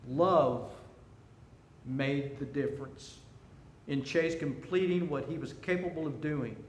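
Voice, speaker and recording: The recording comes from an echoey room with faint noise, where a man in his sixties speaks slowly in a slightly high voice. He's a seminar speaker giving a storytelling talk, full of animated anecdotes and jokes.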